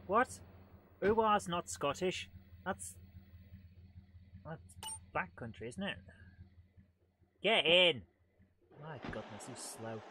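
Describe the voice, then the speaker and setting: A man with a slightly raised voice keeps up loose, self-mocking banter as he plays a game live. The game's vehicle and ambient sounds clatter loudly underneath him the whole time. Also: fairly high pitch. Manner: chatty, self-mocking, talks to chat. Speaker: game streamer. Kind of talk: live let's-play commentary. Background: game engine and vehicle noise.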